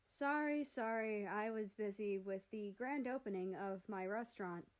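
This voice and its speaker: A woman's voice: mid-range voice, a little slow, close to an everyday voice. A woman voicing a friendly young male restaurant owner with an Italian accent, speaking in a storybook reading.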